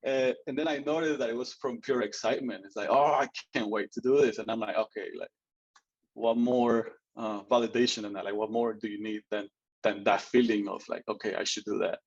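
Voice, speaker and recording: Earnest lower-voiced man telling his story. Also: steady tone, brisk, muffled recording. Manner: earnest, lots of "right?" and "like", laughs often. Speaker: guest. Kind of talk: personal story in an interview.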